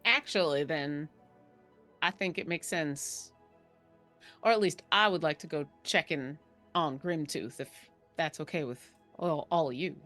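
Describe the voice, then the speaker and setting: A woman with a fairly low voice takes part in a tabletop game session. She talks things through calmly and deliberately. Soft music runs in the background. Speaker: player. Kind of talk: casual tabletop play.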